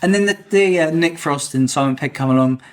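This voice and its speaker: A man's voice: on the high side, brisk. A man co-hosting a casual film review podcast, jokey and ranting with mock outrage. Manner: jokey, ranting, puts on silly voices. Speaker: podcast co-host.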